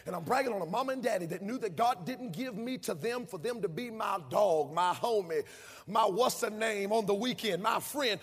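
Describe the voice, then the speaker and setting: A man in his thirties preaching a sermon, telling stories animatedly and shouting out his mother's lines. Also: high voice, lively intonation, normal speed, slightly rough. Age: 30s. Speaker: pastor. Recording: long hall reverb.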